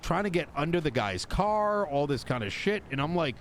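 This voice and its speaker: This man's voice is high-ish and very animated, moving at a moderate pace over a little hiss or hum. In character as a mechanic and tow driver on a role-play server, he tells a story, voices other people's lines, and swears casually.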